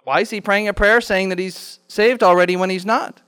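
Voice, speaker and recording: Guy teaching a kids bible class, high voice, keeps asking the kids questions, animated. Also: fairly quick, clear, resonant tone. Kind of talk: teaching a children's Bible lesson.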